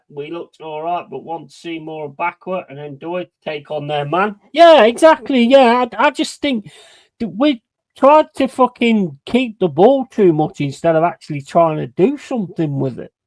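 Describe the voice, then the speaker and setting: This man's high, expressive voice comes unhurried, with a dry, close sound and no echo. He's a frustrated watch-along streamer giving live match commentary, ranting and swearing heavily while bantering with chat and handing out shout-outs.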